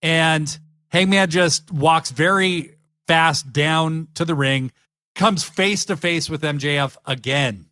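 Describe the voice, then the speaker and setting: A man's voice: a little high, slow pace, pushed and bright. A man co-hosting a casual podcast, animatedly retelling wrestling segments and acting out the lines. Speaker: podcast co-host. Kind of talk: casual wrestling recap chat.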